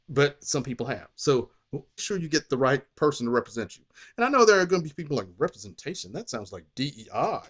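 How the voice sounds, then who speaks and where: A man's voice: mid-range voice, fairly bright tone. A man preaching a sermon, talking plainly to his listeners and then rising into impassioned exhortation. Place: Kansas City church or ministry.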